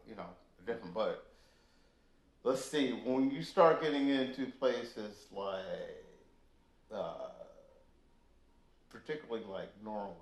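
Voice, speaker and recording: A man in an interview telling stories from touring, animated and full of fillers. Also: on the low side. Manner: animated storyteller, many fillers. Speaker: guest musician. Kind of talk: casual storytelling interview. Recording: echoey room.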